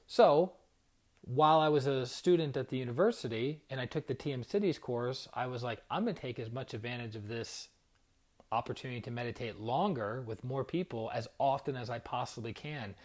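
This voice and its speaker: A man sharing a personal story in a casual livestream. He rambles and reflects, dropping fillers and asides as he goes. His pitch sits in a middle range. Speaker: spiritual coach.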